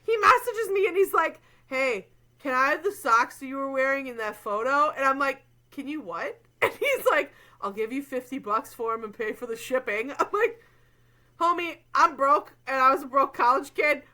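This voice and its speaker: A young woman with a high, bright voice tells a story on a casual podcast. She is animated and laughs often, and her talk is full of fillers. Her pitch swings widely as she goes. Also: moderate pace. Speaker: podcast co-host.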